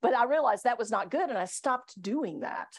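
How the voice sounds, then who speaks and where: A woman's voice: a little high, expressive, moderate pace. Chatty middle-aged woman leading staff training. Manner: chatty, self-deprecating, laughs often. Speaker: workplace trainer and attorney. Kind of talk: live training talk to staff. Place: meeting room with live audience.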